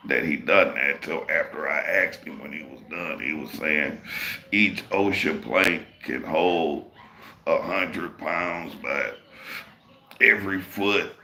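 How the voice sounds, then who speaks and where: Deep gravelly man telling a profane story. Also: slow pace, pushed and bright. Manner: profane, rambling, drawling. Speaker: livestream host. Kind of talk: casual storytelling.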